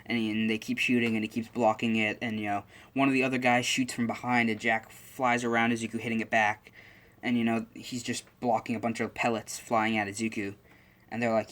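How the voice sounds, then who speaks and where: A man's voice: on the low side, level tone, a little fast, fairly bright tone. A man casually retelling a story idea in a rambling way, full of fillers and restarts.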